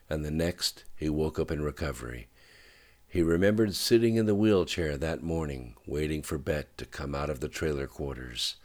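A man narrating a thriller audiobook in a steady, subdued way. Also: very deep voice.

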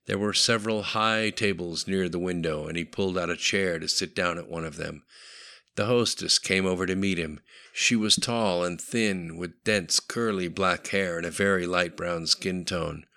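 A man narrating a novel audiobook in a steady, matter-of-fact way. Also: low voice, normal speed.

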